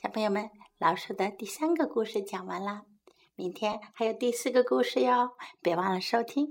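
A woman hosting a children's English lesson, slowly repeating phrases and translating them for young learners. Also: on the high side, darkish tone. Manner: slow, clear repeating for children to follow.

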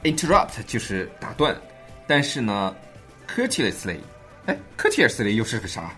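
A man's voice: mid-range voice, moderate pace, faint music behind. A man co-hosting a language show, explaining English phrases in Mandarin with a playful, teasing manner. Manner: jokey, teasing, animated. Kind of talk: playful bilingual lesson banter.

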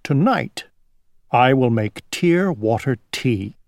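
A woman voicing a gentle, earnest male owl who frets and weeps in a picture book read-aloud; Chinese is her first language. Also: a bass voice, lively intonation, takes it slowly, dry recording, clean studio sound, heavily acted.

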